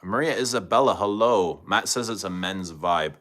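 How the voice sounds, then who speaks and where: A man with a low, fairly bright voice talks at normal speed while hosting a casual fragrance livestream. He chats and thinks aloud as he unboxes and tries scents, addressing viewers by name.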